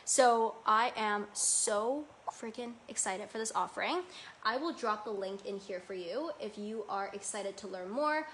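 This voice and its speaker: A woman's voice: medium pitch, measured pace, background noise. A woman hosting a podcast as a self-love coach, talking in a gushing, enthusiastic, casual way.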